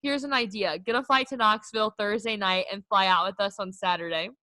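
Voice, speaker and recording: This young woman talks a bit fast in a mid-range voice that sounds pushed and bright, recorded dry. Co-hosting a podcast, she chats casually through a story, peppering it with "like" again and again.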